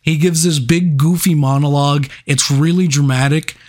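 A man's voice: a little high, normal speed. Profane laughing man reviewing movies. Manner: laughing, profane, animated storytelling. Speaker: podcast co-host. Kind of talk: casual movie review chat.

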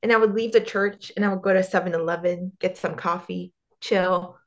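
A woman's voice: on the low side, steady tone, brisk, lo-fi sound. A young woman from the US, co-hosting a podcast in casual chat, blunt and sarcastic and swearing freely. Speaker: podcast co-host.

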